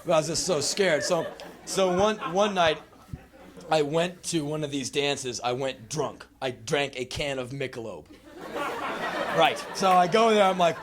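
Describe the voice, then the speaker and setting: A man in his twenties doing live spoken word storytelling on a small venue stage, acting out his younger self in quick put-on voices. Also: fairly high pitch, a crowd in the background. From United States. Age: 20s.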